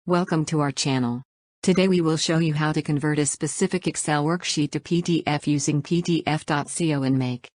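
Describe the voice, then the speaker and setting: A woman narrating a scripted software tutorial, reading each step in an even, instructional way and spelling out acronyms letter by letter. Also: deep voice, fairly quick, no echo.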